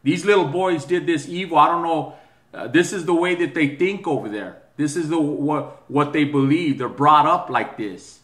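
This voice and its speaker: A man's voice: a little high, moderate pace, a bit bright, reverberant. A man giving an angry opinion rant, agitated and stammering, often restarting his words. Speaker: video commentator.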